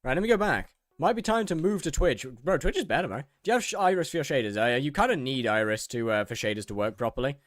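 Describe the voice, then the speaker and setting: A man's voice: fairly high pitch, lively intonation, fast talker, few pauses, dry recording, studio quality. A young man streaming a game, reading in-game text aloud, laughing often and reacting with mock outrage. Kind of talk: casual gaming commentary.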